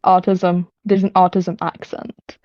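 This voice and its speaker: A woman's voice: lowish voice, little pitch movement, a little slow, a little mellow, no echo, dull audio. A woman from Ireland, a guest on a stream, chatting casually and chiming in with short agreements and asides. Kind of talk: casual chat on a voice call.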